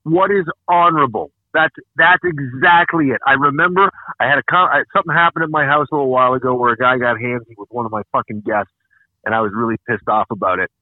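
A man's voice: medium pitch, fast talker, no echo. A man hosting a podcast, ranting angrily and profanely with lots of emphatic repetition. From Canada. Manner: angry, profane, emphatic ranting with repeated words. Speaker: podcast host. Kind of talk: casual podcast rant. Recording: tinny phone-like dry sound.

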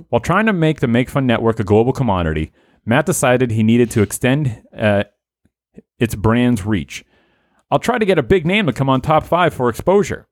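A man's voice: medium pitch, no room sound, studio quality. A man hosting a comedy podcast, reading listener-written scripts aloud and laughing often. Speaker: podcast host.

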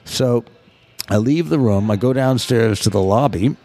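Casting note: gravelly-voiced male guest, lively storyteller, casual podcast chat. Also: mid-range voice, a little slow. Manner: animated anecdote teller, acts out quotes. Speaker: guest photographer.

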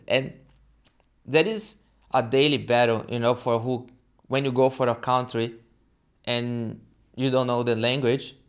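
Being interviewed casually, a young adult guest from Brazil tells stories in halting English with a Brazilian accent, Portuguese being his first language. He acts out quoted dialogue with lots of animation. His pitch is medium.

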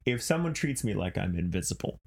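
A podcast co-host chatting casually and telling stories in an animated, profane way. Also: deep voice, fairly quick, gravelly, slightly rough. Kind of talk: casual chat.

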